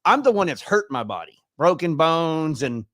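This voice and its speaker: A man's voice: a little high, sing-song, moderate pace, a bit bright, dry recording, clean studio sound. A man in his fifties telling his own story as an interview guest, chatty and acting out the dialogue he quotes. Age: 50s. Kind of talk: casual personal storytelling.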